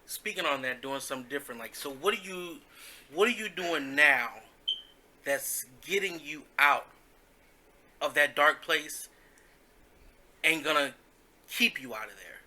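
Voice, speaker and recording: A man co-hosts a casual podcast and asks a question slowly, with a few stops along the way. His voice sits a bit high and is very bright and tense, with faint noise behind it. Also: lively intonation. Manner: slow, halting questions. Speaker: podcast co-host. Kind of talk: casual chat.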